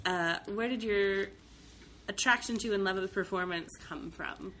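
A woman's voice: medium pitch, a little slow, bright, forceful tone, a little hiss or hum. A woman hosting a casual interview, keen and asking follow-up questions. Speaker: host.

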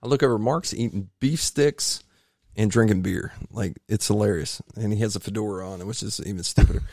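A man telling a long story on a podcast in a casual, animated way, acting out other people's voices. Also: on the low side, a little fast, no room sound, clean studio sound. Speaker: podcast guest.

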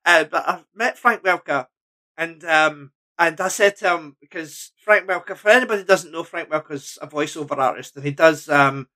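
A man's voice: a little high, moderate pace, pushed and bright. A Scottish man with a Lanarkshire accent chatting casually and enthusiastically, laughing easily. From Scotland. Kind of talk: casual chat.

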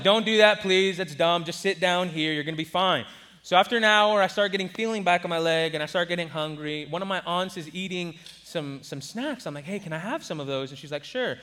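A man in his twenties from Southern California, telling a personal story in a sermon with lively delivery and acted-out quotes. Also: sits high. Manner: animated, acts out quoted voices. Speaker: preacher.

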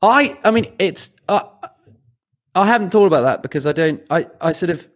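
A man's voice: sits high, lively intonation, normal speed. A young man co-hosting a podcast, stammering and repeating words in casual chat. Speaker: podcast co-host.

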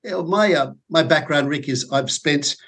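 A man's voice: on the high side, normal speed, a bit bright. A man in his forties with an Australian accent, a guest on an interview podcast, talking things through with many fillers and repeated words. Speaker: podcast guest, sales consultant. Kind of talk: casual interview chat.

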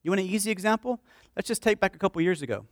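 A man delivers an impassioned sermon, his voice sitting very high for a man. He swings between loud declarations and hushed, pleading prayer. The sound is dry and close, with no room echo. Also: sing-song, racing. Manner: impassioned preaching, swinging from shouts to hushed pleas. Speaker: pastor.

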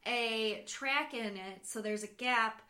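Chatty woman co-host, bright and a touch high, animated retellings, echoey room sound. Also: slow pace. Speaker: podcast co-host. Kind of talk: casual book discussion.

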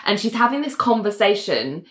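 A woman's voice: medium pitch, normal speed, echoey room. A woman in casual chat on a podcast, animatedly recapping a show and acting out its lines. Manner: chatty, animated, acts out the lines with voices.

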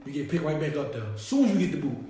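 Lively man in a very echoey room. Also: fairly high pitch, fast. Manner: animated, repeats himself. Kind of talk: casual chat.

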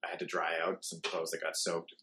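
A man telling a story in casual chat, halting and laid-back with many fillers. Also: low-pitched, completely flat delivery, pushed and bright.

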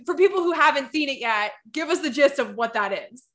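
A woman's voice: sits high, animated, brisk, fairly bright tone. A woman podcast host who gushes with enthusiasm while asking her guest questions. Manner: enthusiastic, gushing. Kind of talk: casual interview talk.

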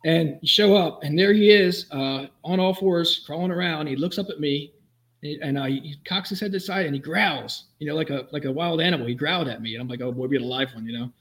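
Fast-talking former cop telling stories. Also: male voice, a little high, a bit bright, poor audio. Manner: brisk, vivid, wry storyteller. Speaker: former police officer. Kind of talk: anecdotal storytelling in a conversation.

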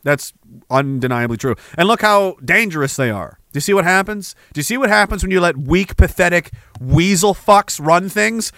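A man's voice: sits high, bright, forceful tone, no room sound. A man hosting a podcast, ranting angrily and with heavy profanity between reading chat messages, with sarcastic asides. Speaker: podcast host.

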